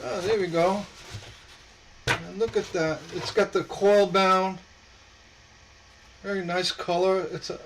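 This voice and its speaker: This is a man with a noticeably high voice, hosting a relaxed live stream. He talks in a loose, rambling way, often starting a thought twice before getting it out. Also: noisy background. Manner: rambling, halting, with frequent repeated words. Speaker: stained glass pattern designer hosting a live stream. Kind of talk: casual live-stream chat.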